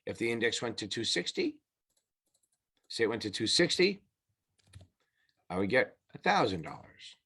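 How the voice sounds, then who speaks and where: A man's voice: lowish voice, sing-song, moderate pace, pauses often, bright, forceful tone, husky. A man tutoring exam students in a loose, conversational way, with restarts and the odd swear word. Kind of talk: casual lesson explaining at a whiteboard.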